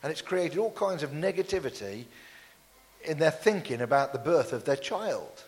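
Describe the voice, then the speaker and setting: A man preaching a sermon in a church, lively and jokey, with playful asides to the congregation. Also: on the high side, normal speed, in a large hall. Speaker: pastor.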